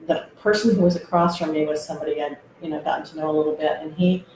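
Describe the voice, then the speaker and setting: A woman guest telling a personal story, hesitant and reflective, with many pauses and fillers. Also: low-pitched, level tone, darkish tone, slight background noise. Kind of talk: personal testimony. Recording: roomy echo.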